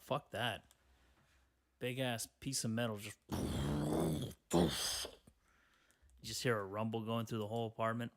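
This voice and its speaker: A young man hosts a solo podcast in a casual, unscripted way. He reads headlines aloud, then answers them with profane, sarcastic, rambling comments, and his voice sits at an ordinary middle pitch for a man. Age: young adult. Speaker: podcast host.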